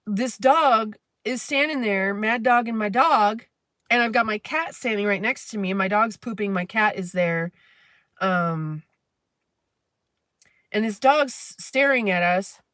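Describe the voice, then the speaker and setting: A woman's voice: fairly high pitch, takes it slowly, long pauses, a bit bright, no room sound. A woman hosting a live stream, venting in a candid, rambling, profane way. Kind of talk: casual venting monologue.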